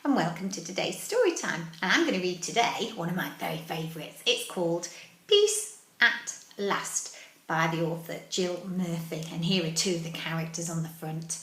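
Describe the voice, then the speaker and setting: A woman teacher reading a picture book aloud to young children, animated, asking them questions and dropping into whispers. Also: lowish voice, normal speed. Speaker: early-years teacher. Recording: roomy echo.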